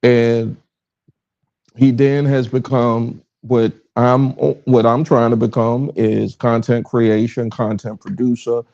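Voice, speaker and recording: A middle-aged man with a Southern accent hosts his own livestream, his voice gravelly and mellow. He talks in a loose, rambling way, often breaking off mid-sentence. The audio is a little dull and lo-fi, like a phone feed. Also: mid-range voice, flat delivery, slow pace. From Richmond, Virginia. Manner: rambling, self-interrupting, fumbles with his stream setup. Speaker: podcast host. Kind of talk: casual solo livestream talk. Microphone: livestream with phone recording.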